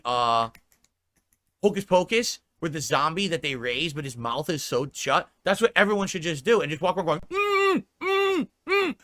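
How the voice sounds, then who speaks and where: A man's voice: on the high side, bright, forceful tone. A man ranting on a live stream, reading chat comments aloud and answering them in a profane, exasperated way. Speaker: livestreamer.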